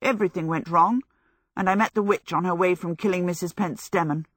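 A woman's voice: lowish voice, a little fast, no room sound, clean studio sound, lightly acted. A woman reading aloud, voicing a blunt, stubborn young heroine who speaks insistently. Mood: weary.

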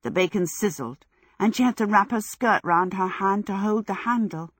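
A woman reading a story aloud in a measured, even way. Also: mid-range voice, slightly rough, dry recording, studio quality. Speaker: narrator. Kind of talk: audiobook reading.

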